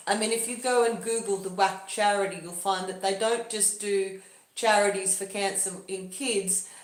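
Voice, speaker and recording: Woman, livestream host, musing and unhurried, middle pitch, echoey room. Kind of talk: casual livestream monologue.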